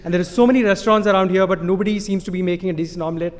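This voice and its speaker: A man's voice: high voice, fairly even intonation, racing. A man in his thirties with an Indian accent, telling a personal story on stage with amused, self-deprecating humor and frequent chuckles. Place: stage in a large hall. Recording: live hall with long reverb.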